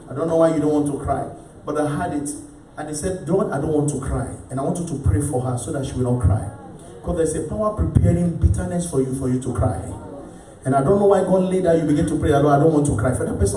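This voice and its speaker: A man preaching and leading fervent prayer in a church, at times shouting prayers in tongues. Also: on the high side, a little hiss or hum. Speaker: pastor. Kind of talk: charismatic sermon and prayer. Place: large church hall. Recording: echoey church hall from far off with music and crowd.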